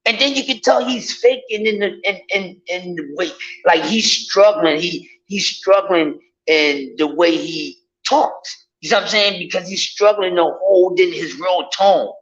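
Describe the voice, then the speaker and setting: A man ranting casually to his viewers, in an animated, profane and mocking way. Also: high-pitched, measured pace. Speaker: vlogger. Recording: dull lo-fi audio.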